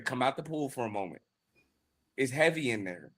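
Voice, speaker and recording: A man co-hosting a talk podcast, speaking casually but with emphatic, sermon-like repetition. His voice sits at an ordinary middle pitch as he builds each point. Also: expressive, brisk, a bit bright. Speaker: podcast co-host. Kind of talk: casual chat.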